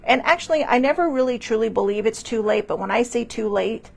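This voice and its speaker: A woman's voice: on the high side, expressive, brisk, creaky. A woman hosting a personal mental health talk, speaking in a candid, confessional way. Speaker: host.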